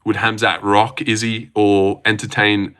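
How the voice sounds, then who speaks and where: A man's voice: lowish voice, level tone, unhurried, pushed and bright, clean tone. A young Australian man hosting a casual livestream, rambling, joking and swearing as he answers his chat. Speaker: livestream host.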